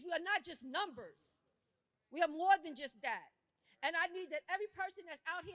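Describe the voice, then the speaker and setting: High, bright-voiced fired-up woman activist. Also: no room sound. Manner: indignant, forceful, rising to shouts; casual speech with "y'all" and "I'ma". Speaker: activist speaker at a rally. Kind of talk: impassioned rally speech.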